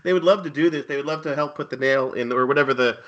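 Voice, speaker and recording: A man's voice: mid-range voice, quick pace, lo-fi sound. A man co-hosting a casual sports betting chat, wry and joking with wandering sentences. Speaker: podcast co-host.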